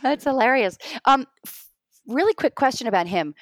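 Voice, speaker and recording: A middle-aged woman, a guest actor, chatting on a remote interview in an animated way and acting out the lines she quotes. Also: high-pitched, normal speed, no room sound. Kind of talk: casual remote interview chat.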